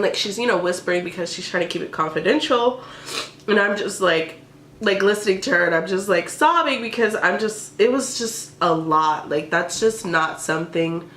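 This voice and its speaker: A young woman telling a personal story in a casual vlog, emotional and full of "like" fillers. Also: fairly low pitch. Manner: emotional, tearful at times, many "like" fillers. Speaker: vlogger. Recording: roomy echo with faint background hiss.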